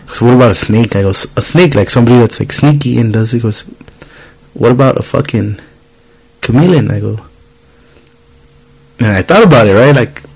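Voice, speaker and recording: Podcast host, man in his thirties, loose profane storyteller, middle-pitched voice. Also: fairly quick, creaky, pauses often, darkish tone, breathy edge, rough recording. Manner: storytelling, swears freely, acts out quoted voices. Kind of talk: casual chat.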